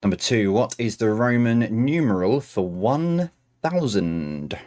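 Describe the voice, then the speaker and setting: Male quiz host, lowish voice, reads questions and cracks self-deprecating jokes. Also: sing-song, a little slow, a little mellow. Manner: chatty, self-mocking asides between questions. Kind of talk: reading quiz questions on a stream.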